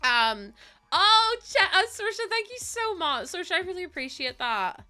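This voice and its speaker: With soft music in the background, a young streamer from Northern Ireland talks to her audience as she plays, giggling, effusive and almost crying with thanks. Her very high-pitched, sharp voice swings widely in pitch at a measured pace, carrying her Northern Irish accent.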